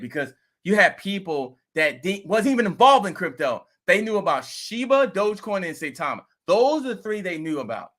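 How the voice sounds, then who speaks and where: A man hosting a crypto vlog, telling a rambling, animated story in casual talk. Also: sits high. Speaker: crypto video host.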